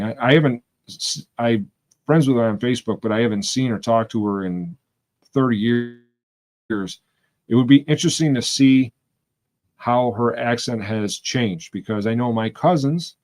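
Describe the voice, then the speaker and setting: A man's voice: medium pitch, darkish tone. A man from Western New York hosting a livestream, chatting casually and rambling as he talks to his viewers. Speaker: livestream host. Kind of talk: casual chat with live viewers.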